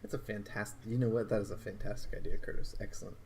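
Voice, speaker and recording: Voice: low voice, fairly even intonation, quick pace, a little mellow, slightly rough. A player in a tabletop game, jokey and enthusiastic. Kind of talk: tabletop role-play.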